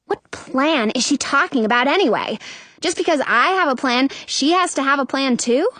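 A woman narrating a children's story in the first person, with a lively, sassy young narrator's voice. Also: high-pitched, fairly quick, no echo. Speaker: audiobook narrator.

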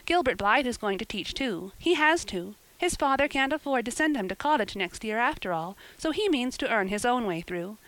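A woman's voice: on the high side, animated, normal speed, hardly any pauses, a bit bright, no echo, low-quality recording. Woman reading as a reproachful teenage friend. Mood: chatty. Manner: reproachful, chatty. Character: wistful, teasing teenage girlfriend.

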